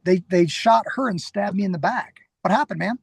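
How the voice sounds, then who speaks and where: A middle-aged man, a guest on a podcast and a security trainer, telling stories in a casual, animated way, acting out quoted lines and often restarting his sentences. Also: sits high, a little fast, creaky, breathy edge, no echo. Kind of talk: casual interview storytelling.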